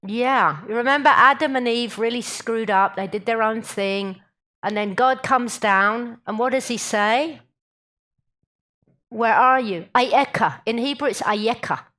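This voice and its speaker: A woman's voice: fairly high pitch, unhurried, pushed and bright. A woman giving a public talk, humorous and drawing the audience in with questions. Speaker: guest speaker.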